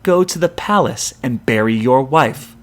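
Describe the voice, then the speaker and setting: A man voicing Medea, a vengeful sorceress, speaking flat, cold and unapologetic. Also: mid-range voice, measured pace, natural voice. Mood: cold defiance.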